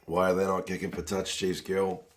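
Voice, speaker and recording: A man, hosting a sports watch-along stream, chatting with viewers by name while his voice is hoarse and going. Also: low-pitched, flat delivery, normal speed. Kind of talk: live stream chat reading viewer comments.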